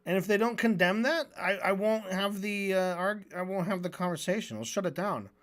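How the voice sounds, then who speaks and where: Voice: medium pitch, moderate pace, a bit bright. A streamer reviewing a debate in a casual, sarcastic, rambling way, often restarting mid-sentence.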